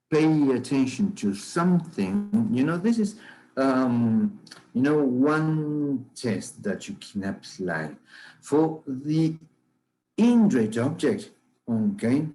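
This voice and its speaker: A male teacher lecturing on grammar in a slow, unhurried delivery. His voice is dark and mellow, and he keeps checking in with his students with a quick "okay?" or "right?" at mid pitch. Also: rough recording. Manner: measured, often checks understanding with "okay?" and "right?".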